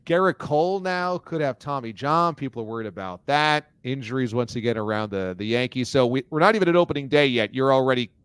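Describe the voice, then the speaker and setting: A man's voice: mid-range voice, fairly quick, few pauses, fairly bright tone, clear, resonant tone, dry recording. A man hosting a sports talk show, interviewing a guest in an upbeat, enthusiastic way. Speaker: radio and video show host.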